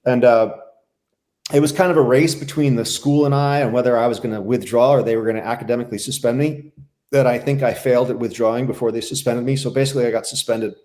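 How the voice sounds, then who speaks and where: A middle-aged man and former Navy SEAL, a podcast guest telling his life story in a candid, halting, reflective way. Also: medium pitch, steady tone, a little mellow. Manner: reflective, halting, with many restarts.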